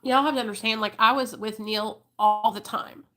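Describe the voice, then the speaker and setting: Chatty woman in her 30s livestreaming off her phone, bright voice, swears a lot, keeps saying y'all. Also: on the high side, fairly even intonation, moderate pace. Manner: chatty, emotional, swears freely, addresses viewers as y'all. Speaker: livestream host. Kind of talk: casual storytelling livestream.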